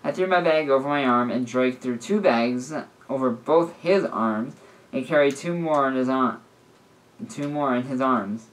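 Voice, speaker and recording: A man's voice: mid-range voice, measured pace, rough recording. A man casually reading a story aloud, often stumbling and correcting himself. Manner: stumbling, with frequent restarts and self-corrections. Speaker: story reader.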